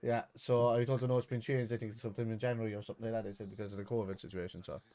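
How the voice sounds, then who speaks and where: A man co-hosting a football watch-along, calling out excited reactions to the play and swearing freely. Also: lowish voice, very fast. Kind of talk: live match watch-along chat.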